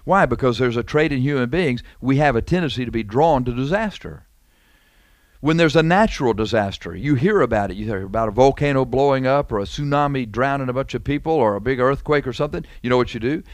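A male preacher delivering a sermon at a middle pitch, talking to his congregation in an emphatic, conversational way. He repeats his points and keeps asking rhetorical questions. The recording is dry and close, with almost no room sound. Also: animated, fast talker, dry recording.

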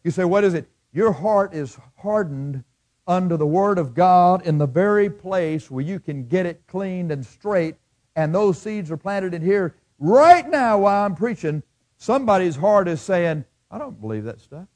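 A middle-aged man preaching a sermon, swinging between loud bursts and hushed asides and acting out the voices of his listeners. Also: high voice, unhurried. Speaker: pastor.

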